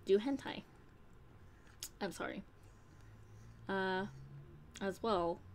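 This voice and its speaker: A young woman chatting frankly on a live stream, at an ordinary mid pitch for a woman. She rambles from thought to thought and curses casually, as if talking to friends in her community. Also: drawn-out words, a little mellow, a little hiss or hum. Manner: candid, rambling, swears casually. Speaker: streamer and audio creator.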